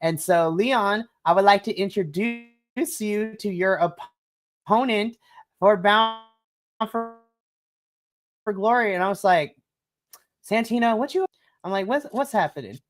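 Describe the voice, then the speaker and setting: Excitable podcast co-host acting out reactions. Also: medium pitch, a little slow, long pauses, soft background music. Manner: excitable, acts out reactions in quotes. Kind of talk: casual wrestling review chat. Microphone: podcast mic.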